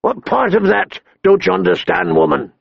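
A man doing a hoarse dying king. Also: sits high, wildly swooping pitch, no room sound, pitched above the performer's own voice, exaggerated voice. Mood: angry. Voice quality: hoarse, gravelly. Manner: gruff, blustering, halting with pain. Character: dying hot-tempered king, middle-aged man. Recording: dull lo-fi dry recording.

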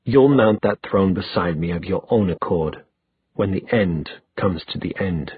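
A man voicing a menacing young male villain who speaks in a quiet, low, taunting voice. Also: a little slow, breathy edge, no echo, full character voice. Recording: dry tinny phone-like sound.

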